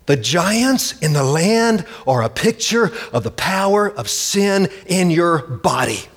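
Delivering an emphatic sermon, this man dramatizes every quoted voice. He talks slowly with hardly any pauses, in a voice on the high side with lively intonation, recorded in a hall with long reverb.

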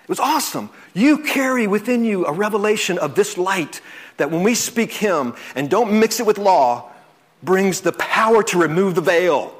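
Male pastor, fairly high voice, earnest sermon delivery that drops to soft, drawn-out lines. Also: expressive. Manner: earnest, repeats words, swings from loud to soft and slow. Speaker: preacher.

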